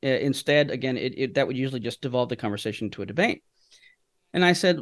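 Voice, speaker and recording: Man, podcast guest, middle pitch, storytelling, rhetorical questions, teaching tone. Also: lively intonation, fast, no room sound, studio quality. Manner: teaching through anecdotes, asks himself questions. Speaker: guest speaker.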